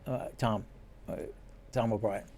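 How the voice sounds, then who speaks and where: A man, a former police detective and podcast guest, telling an animated anecdote in casual chat and acting out what people said. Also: fairly low pitch, a little slow, a little hiss or hum.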